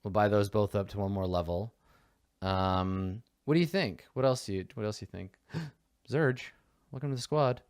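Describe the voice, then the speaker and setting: A man casually talking through tabletop character creation, excitable, laughing and swearing freely. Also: on the low side, dry recording, clean studio sound. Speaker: tabletop game player.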